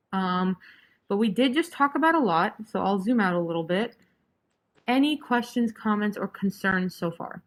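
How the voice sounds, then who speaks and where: Chatty young woman tutoring chemistry. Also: medium pitch. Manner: casual, chatty, joking sarcasm. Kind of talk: online review session.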